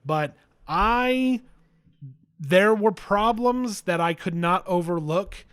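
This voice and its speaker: A man's voice: high-pitched, animated, slow, a bit bright, clear, resonant tone. A man co-hosting a podcast, chatting casually about a film in a loose way, swearing and restarting his sentences. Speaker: podcast co-host. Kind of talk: casual movie review chat.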